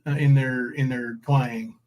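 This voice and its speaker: A man's voice: mid-range voice, little pitch movement, unhurried, noisy background. A man hosting a livestream, talking in a rambling, sarcastic, coarse way. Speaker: livestream host. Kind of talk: casual livestream commentary.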